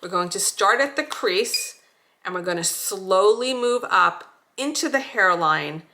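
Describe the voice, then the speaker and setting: A woman calmly demonstrating a skincare routine, giving slow, reassuring step-by-step cues. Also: mid-range voice. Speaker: skincare instructor. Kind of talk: demonstration tutorial.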